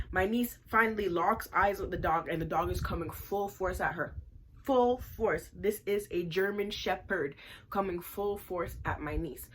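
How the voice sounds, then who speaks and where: A woman vlogger telling a personal story in an animated storytime style, emphatic and repeating lines for effect. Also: mid-range voice, unhurried, slightly rough.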